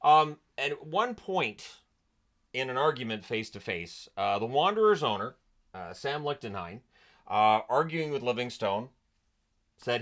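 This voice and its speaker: A man's voice: medium pitch, sing-song, measured pace, fairly bright tone. Sarcastic, chatty man telling history. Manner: sarcastic, amused, chatty with many fillers. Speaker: hockey history channel host. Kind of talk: casual history storytelling vlog.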